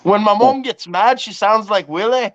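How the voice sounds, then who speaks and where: A man in a casual group chat who keeps throwing in crude one-liners and laughing at them himself. His voice sits notably high for a man. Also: normal speed, a bit bright, dull audio, slight background noise. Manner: crude joking, laughs at own jokes.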